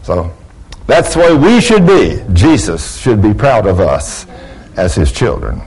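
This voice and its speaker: A man's voice: fairly low pitch, very animated, measured pace, a little mellow, breathy edge, low-quality recording. A man preaching a sermon, folksy and conversational, acting out quotes from people in his church. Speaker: pastor.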